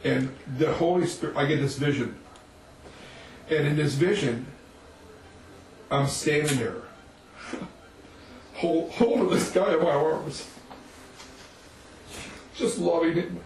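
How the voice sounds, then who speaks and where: A man preaching, telling a story to his listeners in an animated way and chuckling between lines. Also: on the high side, slow pace, pauses often, a little hiss or hum. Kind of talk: sermon storytelling. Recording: echoey room, mic at a distance.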